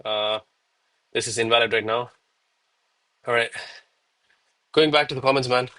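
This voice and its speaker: A man in his thirties talking live to his viewers in a loose, chatty way, often calling them bro. His voice is bright and forceful, and he is a little winded from push-ups. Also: medium pitch, moderate pace. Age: 30s. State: out of breath between push-ups. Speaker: live trading streamer. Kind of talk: live-stream commentary and chat.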